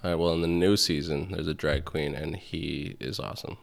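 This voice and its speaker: A man's voice: very deep voice, steady tone, fairly quick, creaky, over a noisy crowd. A man co-hosting a true-crime podcast, chatting casually with dry, teasing banter. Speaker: podcast co-host.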